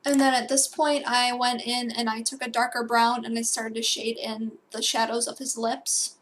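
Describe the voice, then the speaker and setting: Speaking at normal speed, a young woman with a somewhat high, slightly bright voice walks through a digital painting tutorial at home with little pitch movement. She rambles, backtracks to fix herself, and adds fillers and asides, with slight background noise behind her casual narration.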